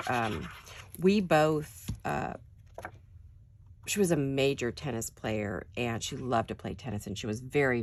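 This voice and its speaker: An older woman with a raspy early-morning voice chats quietly and casually to her viewers while she works on a craft project in her home studio. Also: extremely low pitch, slight background noise. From California. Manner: quiet, chatty, addresses viewers directly. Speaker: crafting channel host.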